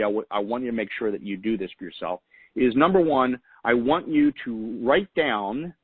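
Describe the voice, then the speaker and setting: A man's voice: mid-range voice, slightly rough, dry recording, poor audio. A man hosting a weekly call, giving motivational coaching in an earnest way and repeating key phrases for emphasis. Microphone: phone call.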